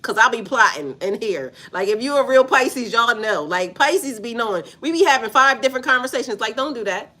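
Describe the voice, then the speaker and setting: Bright-voiced woman, laughing, blunt. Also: a little high, lively intonation, a little fast, hardly any pauses. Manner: laughs often, blunt and profane; slangy, repetitive, talks to chat. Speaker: spiritual reader. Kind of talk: casual livestream chat.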